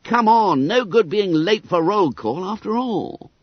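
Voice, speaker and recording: A man's voice: high voice, expressive, unhurried, no echo, voice pushed up. A man voicing an eager, boisterous teenage schoolboy who speaks in exclamations. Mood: cheery. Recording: dull, dry audiobook recording.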